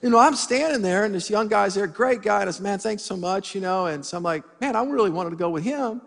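A middle-aged male pastor preaching in a church sanctuary, full of humor and animated storytelling. His voice sits high for a man, and it rings with a long reverb through the hall. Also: fast talker, creaky. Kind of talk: sermon with storytelling.

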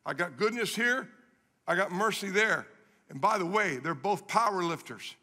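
A man's voice: sits high, expressive, normal speed, pushed and bright. A middle-aged man preaching a sermon, telling stories animatedly and repeating phrases for emphasis. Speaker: guest preacher. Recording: long reverb of a large hall.

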